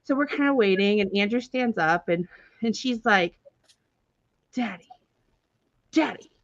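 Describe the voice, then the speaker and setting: A woman hosting a live stream who tells casual stories in an animated, chatty way, with many filler words and frequent laughter. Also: mid-range voice, normal speed, no room sound. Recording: dull, dry, lo-fi stream audio.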